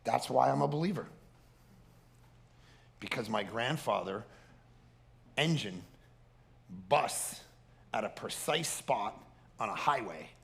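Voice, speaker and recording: A man, a pastor, preaching a sermon with animated storytelling and a quiet prayer. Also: mid-range voice, slow, vocal fry, long pauses.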